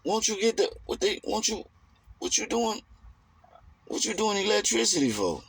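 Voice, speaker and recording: A man's voice: sits high, big pitch swings, moderate pace, creaky, a bit bright, slightly rough, voice pushed up, heavily acted. A man putting on the voice of an incredulous man who keeps pressing someone with questions about what he did with his inheritance.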